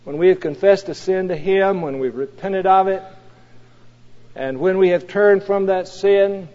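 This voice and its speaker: Male preacher, high voice, emphatic swells on scripture, lo-fi recording. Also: unhurried. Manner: rising to emphatic peaks on scripture, dropping low and soft for asides. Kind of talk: sermon. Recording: dull lo-fi recording in a reverberant hall.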